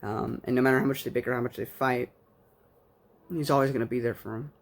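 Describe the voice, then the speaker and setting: A man's voice: medium pitch, steady tone, quick pace. A man giving a casual spoken book review, rambling like an enthusiastic fan with plenty of fillers.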